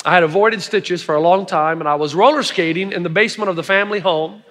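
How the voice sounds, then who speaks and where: High-voiced middle-aged male preacher. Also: fast, a bit bright, long reverb tail. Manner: storytelling, emphatic with audience asides. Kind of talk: sermon.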